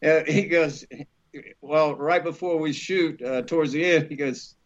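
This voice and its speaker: A middle-aged man with a fairly high voice tells stories in a relaxed chat, acting out everyone he quotes. He laughs often as he talks. The sound is muffled and lo-fi. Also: a little slow. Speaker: actor guest. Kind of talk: casual storytelling interview. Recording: dull lo-fi podcast audio.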